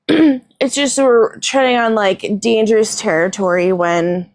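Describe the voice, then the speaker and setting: High, slow-talking giggly woman host. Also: darkish tone, dry recording. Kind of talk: casual chat.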